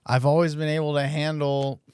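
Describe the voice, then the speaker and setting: A man's voice: a little high, level tone, fairly quick, a little mellow, clean tone, no echo. A young man, a comedian guest on a podcast, talking casually and thoughtfully with frequent hesitations. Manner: thoughtful, hesitant, with many ums. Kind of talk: casual chat.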